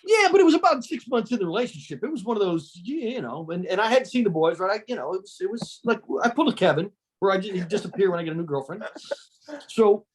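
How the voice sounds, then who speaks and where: A man's voice: high-pitched, expressive, fast talker, breathy edge, low-quality recording. Guy rambling through an old story with his buddies, repeats himself a lot. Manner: rambling, repeats words while remembering. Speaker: podcast host telling a story. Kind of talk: casual storytelling chat.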